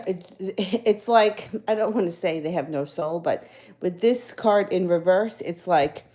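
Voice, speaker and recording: Mellow-voiced woman reading tarot live. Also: on the low side. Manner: casual, rambling, self-correcting; chuckles between phrases. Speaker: tarot reader.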